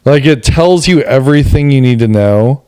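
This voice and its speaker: A man's voice: mid-range voice, lively intonation, moderate pace, dark tone, clean tone, no echo. A man co-hosting a podcast, chatting casually, joking and swearing freely. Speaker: podcast co-host. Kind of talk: casual chat.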